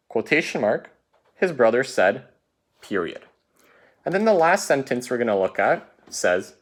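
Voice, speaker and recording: A man leads a recorded writing lesson for his students and walks through each punctuation rule one careful step at a time. His pitch rises and falls a lot as he explains. He keeps checking in with a quick "right?" as he goes. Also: fairly bright tone. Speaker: teacher.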